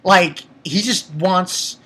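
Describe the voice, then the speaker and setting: A man's voice: high-pitched, extremely slow, sharp tone, breathy edge. A man giving a casual spoken review of an anime episode, emotional and profane, often stumbling and restarting his words.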